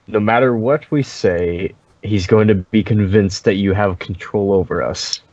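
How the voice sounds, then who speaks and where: A man's voice: lowish voice, unhurried, a little mellow, no echo. A man playing a tabletop game who speaks in a matter-of-fact way. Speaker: player. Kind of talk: casual tabletop game chat. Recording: dull lo-fi sound.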